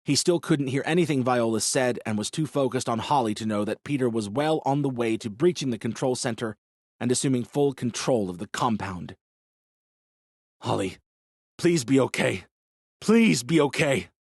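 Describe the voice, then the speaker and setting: A male audiobook narrator reads in a measured, dramatic way at a mid pitch. He is recorded close on a studio mic. The sound is dry, with no room around it. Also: darkish tone, dry recording. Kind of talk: scripted narration.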